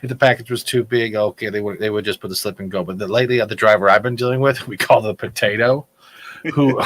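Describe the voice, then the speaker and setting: A man's voice: lowish voice, fairly even intonation, a little fast, fairly bright tone. A man on a talk panel, heated and jokey, swearing in a casual chat.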